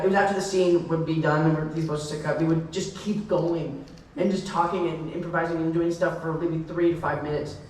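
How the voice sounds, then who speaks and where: Recorded from far off in an echoey convention hall with a little hiss or hum, a young celebrity guest answers fan questions on a panel. His voice is fairly high with a darkish tone, and he rambles, restarts sentences, and makes laughing asides.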